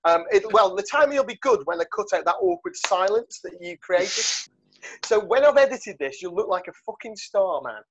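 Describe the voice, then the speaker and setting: High-pitched and expressive with a breathy edge, a man speaks at normal speed as host of a rugby podcast, joking and rambling through casual chat with plenty of fillers. The recording has a dull, lo-fi quality.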